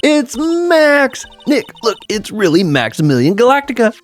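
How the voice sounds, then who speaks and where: A man voicing an excitable young woman sidekick with a squealing, breathless delivery. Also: extremely high pitch, unhurried, soft background music, pitched above the performer's own voice, exaggerated voice. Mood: excited.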